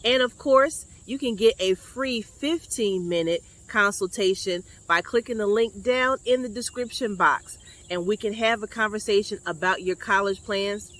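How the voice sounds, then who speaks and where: A woman's voice: mid-range voice, moderate pace, fairly bright tone. A woman who works as a school college counselor, giving advice in a direct, chatty, coaching way. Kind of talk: advice vlog.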